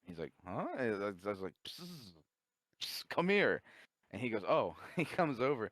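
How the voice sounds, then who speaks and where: A man's voice: fairly low pitch, very animated, quick pace, dry recording. A man co-hosting a podcast, telling a story in laid-back chat and acting out both sides of the dialogue. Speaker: podcast co-host. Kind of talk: casual chat.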